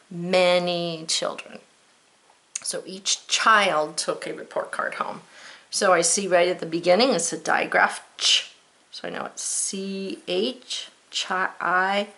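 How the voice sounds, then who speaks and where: A woman's voice: on the low side, creaky, fairly bright tone. An American woman teaching a spelling lesson, patiently sounding out words and spelling them letter by letter.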